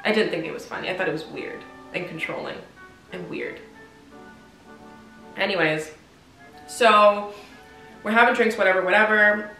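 A woman's voice: medium pitch, normal speed, long pauses. Woman, twenties, casual storytime, slangy, echoey room. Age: 20s. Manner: slangy, animated storytelling, acting out dialogue. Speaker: vlogger. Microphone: compact camera mic. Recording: roomy sound with faint music.

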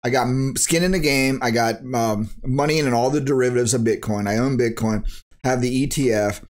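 A man ranting through his market commentary in a blunt, worked-up way, mixing slang with sound effects. His voice sits at an ordinary middle pitch. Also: a little fast. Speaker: crypto YouTuber.

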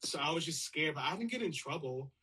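A man's voice: a little high, lively intonation, fast, bright, forceful tone, slightly rough. A young man, a guest on a casual live-stream chat, talking loosely with lots of fillers and frequent laughter. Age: young adult.

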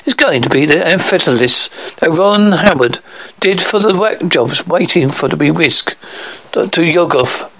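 A man's voice: on the high side, expressive, unhurried, a bit bright, exaggerated voice, poor audio. A man voicing a skeptical adult male friend in an audiobook reading, with a dry, offhand delivery. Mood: wry.

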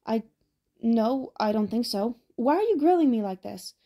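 A woman's voice: a little high, lively intonation, moderate pace, mellow. A woman reading the part of a confused, anxious teenage boy who stammers when pressed. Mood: uneasy.

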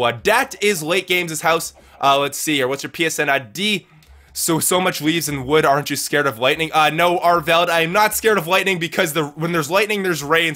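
A man's voice: on the high side, bright, forceful tone. A man hosting a live game let's-play, talking energetically to chat, repeating his phrases and calling viewers dudes and guys. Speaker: gaming livestream host.

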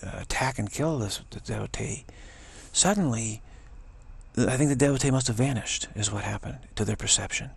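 An older man gives a meandering spiritual talk, circling back and repeating his points. His voice is low, deeply gravelly and husky. He now and then drops into a whisper for emphasis. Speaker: spiritual teacher.

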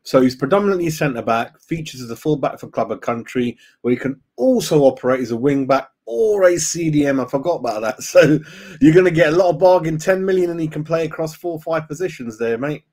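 A man's voice: a little high, expressive, a little fast, a little mellow. A man hosting a casual fan live stream, chatting loosely, greeting viewers by name and saying "mate" a lot. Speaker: fan channel host.

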